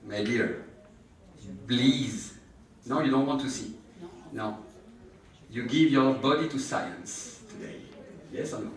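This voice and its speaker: A man's voice: medium pitch, slow pace, pauses often. A man teaching a live injection class, explaining each step and joking with the patient. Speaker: aesthetic injection trainer. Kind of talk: live hands-on class demonstration. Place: treatment room with an audience. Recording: echoey room picked up from a distance.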